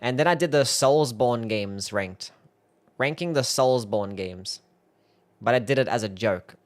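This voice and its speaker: A young man streaming live and reacting to his own old videos. He laughs often, swears freely and mocks himself. His voice sits at a middle pitch. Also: measured pace. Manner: laughing, swearing, self-mocking.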